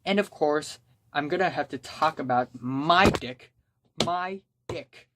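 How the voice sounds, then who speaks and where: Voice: mid-range voice, unhurried, very noisy. A young adult album reviewer giving a casual spoken review, talking in a blunt, exasperated rant.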